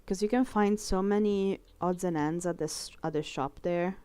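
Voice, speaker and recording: Young woman, casual chatter over a drawing session, smooth and clear, close and dry, rambling and swearing easily. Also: fairly low pitch, normal speed, warm tone, dry recording. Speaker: artist streaming a drawing session. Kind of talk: casual chat while drawing.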